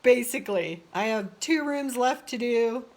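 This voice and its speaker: Holding her phone camera indoors in the house she's renovating, a middle-aged woman talks casually about the remodel. She's a realtor fixing up her own place, and her expressive, unhurried voice sits on the high side as she rambles, worn out, laughing often and tossing in exasperated asides.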